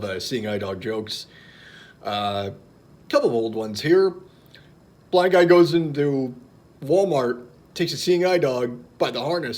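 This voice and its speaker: A young man talking casually on his vlog, telling jokes with lots of fillers and restarts. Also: mid-range voice. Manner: halting, many fillers and restarts, chuckles at own jokes. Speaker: vlogger.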